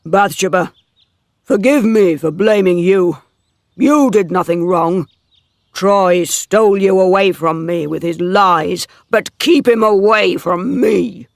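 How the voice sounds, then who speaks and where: A man reader voicing a wounded, jealous farmer who speaks forcefully. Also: sits high, slow pace, creaky, no echo, clean studio sound, voice pushed up, full character voice. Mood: bitter. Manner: forceful, anguished. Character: wounded older male farmer, jealous and intense. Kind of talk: dramatic story reading.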